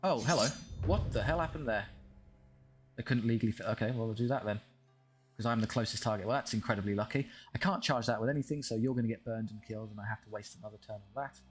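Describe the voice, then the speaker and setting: Low-voiced man muttering over game. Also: steady tone, very fast, breathy edge. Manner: muttering to game units, wry and frustrated. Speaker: gaming channel host. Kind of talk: strategy game commentary. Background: game music.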